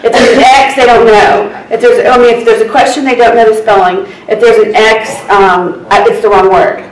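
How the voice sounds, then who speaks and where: A woman court reporter chatting with colleagues, telling animated stories and laughing often. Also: a little high, normal speed. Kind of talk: casual group chat. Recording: echoey room, far from mic, group chatter.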